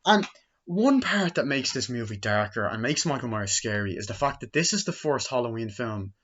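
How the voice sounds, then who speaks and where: A man talks through a film in a loose, rambling recap, swearing freely and breaking into sudden high-pitched character voices. His voice sits at an ordinary middle pitch. The recording sounds dull and lo-fi. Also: lively intonation, normal speed, a bit bright, slightly rough. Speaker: movie reviewer. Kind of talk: casual movie review, retelling scenes.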